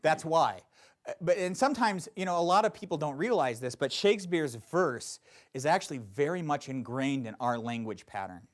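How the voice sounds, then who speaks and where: A man teaching a Shakespeare acting class, explaining verse in an animated way with playful asides. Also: fairly high pitch, normal speed. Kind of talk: classroom instruction.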